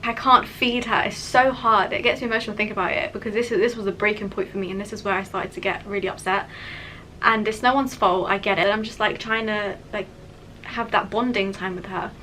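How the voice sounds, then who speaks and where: A woman's voice: medium pitch, steady tone, fast talker, a bit bright, slight background noise, low-quality recording. A young woman telling a personal story in a candid, chatty vlog, with many "like" fillers. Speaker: vlogger.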